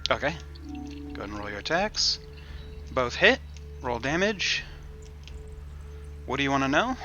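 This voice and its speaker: A man narrating as game master of a tabletop game, easygoing and casual, with many pauses. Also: mid-range voice, big pitch swings, pushed and bright, highs cut off, soft background music. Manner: easygoing, casual, says "uh" often.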